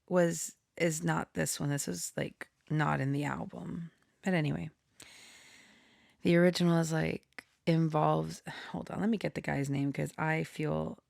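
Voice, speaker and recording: A woman's voice: fairly low pitch, creaky, a little mellow, dry recording, studio quality. A woman chatting casually and reading song lyrics aloud, rambling and giggling as she trails off. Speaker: tarot channeler and storyteller.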